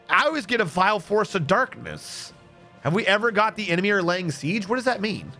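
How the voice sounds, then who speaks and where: Animated joking male game streamer. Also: sits high, fairly quick, soft background music. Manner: joking, storytelling, laughs often. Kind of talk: casual gaming stream chat.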